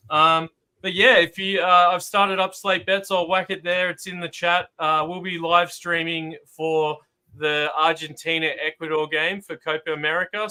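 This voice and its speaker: Australian man, guest analyst, bright smooth voice, calm methodical chat. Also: fairly high pitch. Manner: calm and methodical, many filler ums. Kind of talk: casual chat.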